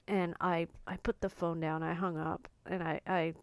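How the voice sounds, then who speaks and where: A woman telling a personal family story in a halting, emotional monologue with many restarts. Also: fairly low pitch, level tone, smooth, dry recording.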